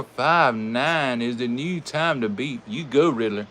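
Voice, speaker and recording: A man with a Southern American accent hosts a live stream and calls toy car races in a folksy, animated way, chatting with his viewers. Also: mid-range voice, unhurried. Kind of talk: live race commentary.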